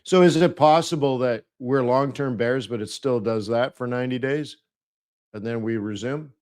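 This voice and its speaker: Male webinar host, mid-pitched, chatty and playful, mimics people for laughs. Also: normal speed, a little mellow. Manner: chatty, laughs at his own jokes. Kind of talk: live webinar presentation.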